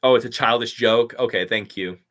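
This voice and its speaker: Running a live stream Q&A, a man replies to chat briskly in a medium-pitched, fairly bright voice. His answers are enthusiastic fan rambles full of fillers.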